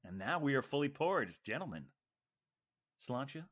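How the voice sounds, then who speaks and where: With big pitch swings in a medium, fairly bright voice, this man hosts a casual beer-tasting podcast at a moderate pace. He's playful and wordy, and he explains things at length.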